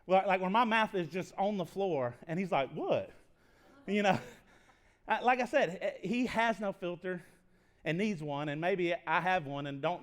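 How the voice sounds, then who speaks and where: A pastor in his thirties, speaking with a fairly high voice in a chatty, folksy sermon. He tells stories in a self-deprecating way, with frequent laughs and restarts. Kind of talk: conversational sermon storytelling.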